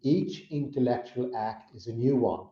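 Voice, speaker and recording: A man's voice: mid-range voice, unhurried. A man in a casual academic discussion, agreeing eagerly and chiming in often. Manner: eager, agreeing with frequent backchannels. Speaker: discussion partner. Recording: echoey, muffled room.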